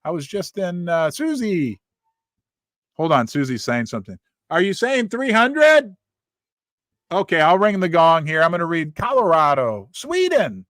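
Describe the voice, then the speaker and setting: In a relaxed livestream chat, the middle-aged host rattles off viewers' names and where they're from in fast, lively bursts, his fairly high voice swinging widely in pitch. The audio is close-miked and dry, free of echo.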